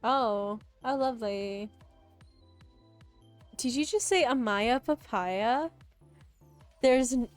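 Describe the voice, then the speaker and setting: A woman's voice: on the high side, slow, pauses often, faint music behind. A woman VTuber streamer giving casual, joking commentary while playing a dating game. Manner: wry, joking reactions.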